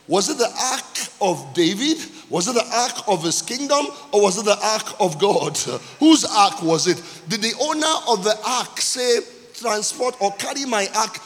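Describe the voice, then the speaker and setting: A male pastor preaching a sermon, repeating key phrases and shouting for emphasis. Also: high voice. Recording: long hall reverb.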